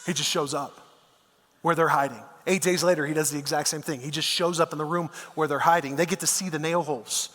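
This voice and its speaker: High-voiced male pastor in echoing hall. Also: fairly even intonation, fast, few pauses, fairly bright tone. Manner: conversational storytelling, casual asides like "man" and "dude". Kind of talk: sermon. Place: church auditorium.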